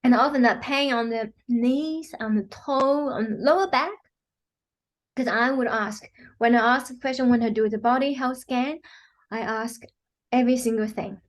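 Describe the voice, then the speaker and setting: A woman guest, a healing practitioner, explaining her work earnestly with frequent fillers. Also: a little high. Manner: earnest, many "you know" fillers, acts out quotes. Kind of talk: explanatory interview talk.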